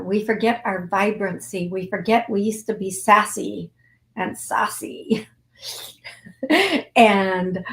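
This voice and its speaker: Brief: middle-aged woman, live psychic host, unhurried delivery, coaxing and repetitive, gets emotional. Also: medium pitch. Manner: warm coaxing, emotional, repeats phrases. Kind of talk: live call-in reading and guided healing.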